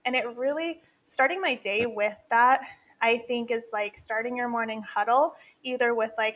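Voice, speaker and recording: Woman co-host, forties, candid chatty delivery, a bit higher voice. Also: normal speed, fairly bright tone. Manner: candid, chatty, laughs often, many fillers. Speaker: podcast co-host, dental practice consultant. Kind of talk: casual podcast chat.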